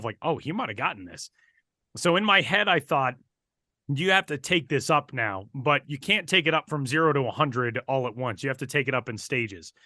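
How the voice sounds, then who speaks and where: A man tells a story on a podcast in a casual, lively way. His voice is bright and forceful. The sound is dry and close, with no room around it. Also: medium pitch, no room sound. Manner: animated, building excitement while recounting. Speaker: podcast co-host and broadcaster.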